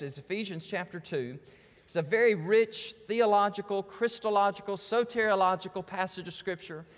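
A man preaching a sermon as pastor, emphatic, moving from quick asides to slow, stressed phrases. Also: sits high, fairly bright tone, big-room sound. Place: church sanctuary.

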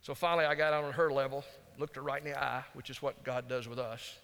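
A man preaching a storytelling sermon in a folksy, conversational way, dropping to hushed tones for emphasis. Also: medium pitch, steady tone, quick pace, creaky, smooth. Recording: long hall reverb.

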